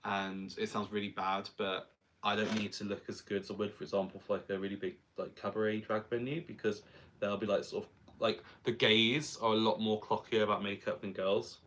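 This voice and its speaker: A young man talks through his drag makeup in a loose, rambling vlog chat. His voice sits fairly low, and he keeps slipping in self-mocking jokes as he goes. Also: level tone, a little fast, a bit bright, slight background noise. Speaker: drag performer and vlogger. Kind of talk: casual vlog chat while doing makeup.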